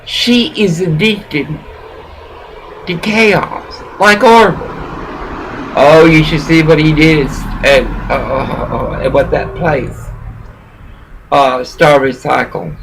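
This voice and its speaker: A man's voice: fairly high pitch, slow pace, vocal fry, pauses often, fairly bright tone, slight background noise, poor audio. A man who is a pastor, giving a rambling, profane preaching rant as he lectures someone directly.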